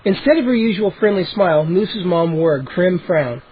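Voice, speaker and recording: A man's voice: high voice, lively intonation, moderate pace. A man cold-reading a children's book aloud, with occasional slips and restarts, in a dull lo-fi home recording. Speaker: audiobook reader. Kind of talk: cold-read storybook narration.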